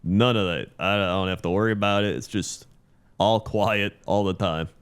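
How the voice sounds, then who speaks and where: A man co-hosting a podcast, answering in a relaxed, easygoing casual chat. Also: lowish voice, moderate pace, clean tone. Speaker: podcast co-host.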